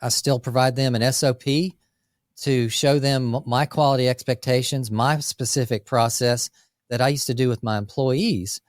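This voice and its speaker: A man's voice: medium pitch, no echo. Guy cohosting a business podcast, upbeat and chatty, dry sound no room. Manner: energetic, talks through lists with quick asides. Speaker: podcast co-host, landscape business owner. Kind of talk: casual business podcast chat.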